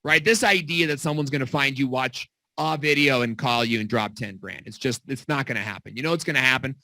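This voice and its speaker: A middle-aged man coaches on video marketing from a home basement studio in casual, animated teaching talk, telling stories with acted-out quotes. His voice is medium-pitched and a little fast, with no echo.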